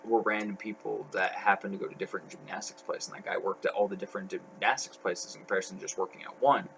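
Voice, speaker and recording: A man's voice: on the low side, fairly even intonation, quick pace, creaky, background noise. A young man talking as a podcast guest, telling stories in a rambling way full of fillers. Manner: rambling, filler-heavy storytelling. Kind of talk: casual podcast chat.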